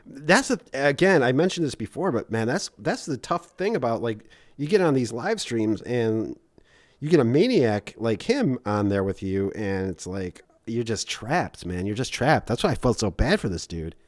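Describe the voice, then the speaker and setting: A man hosts and talks over a replayed stream, teasing and sarcastic, often cutting in. His voice sits at an ordinary pitch, and the sound is dry and close. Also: very animated, normal speed, no echo. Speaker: host commenting on a replayed stream. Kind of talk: casual mocking commentary.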